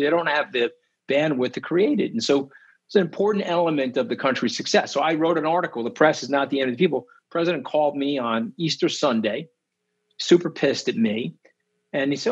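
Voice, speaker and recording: A husky-voiced man, telling stories as an interview guest. He speaks emphatically and with indignation, and his voice climbs sharply when he is outraged. The audio is slightly dull and lo-fi. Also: on the high side, expressive, quick pace. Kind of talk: animated interview storytelling.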